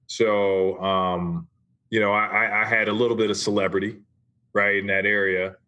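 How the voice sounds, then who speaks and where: A man in his forties, a guest on a podcast, speaks with a bright, forceful tone that sits a little low. He tells his story in a relaxed, conversational way and often tags his points with "right?". The feel is a casual interview. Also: normal speed, lo-fi sound. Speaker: podcast guest, former basketball player.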